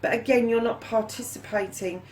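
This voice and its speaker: A woman's voice: a little high, steady tone, normal speed, a little mellow, a little hiss or hum, poor audio. A woman giving a casual tarot reading, chatty and fond, calling her viewers darlings and lovelies and swearing now and then. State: hot and yawning. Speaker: tarot reader.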